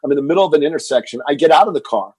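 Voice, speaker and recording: A man's voice: a little high, racing, husky, no echo. A man in his fifties from Texas, a fitness entrepreneur, telling stories in an interview and stumbling over repeated words. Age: 50s. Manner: animated storyteller, repeats words when excited. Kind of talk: interview storytelling.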